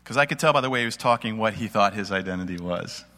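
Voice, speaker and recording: A man's voice: fairly low pitch, lively intonation, fast talker, bright, forceful tone, long reverb tail. A man speaking at a church gathering, delivering an informal sermon in a folksy, conversational storytelling way. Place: church meeting space with audience.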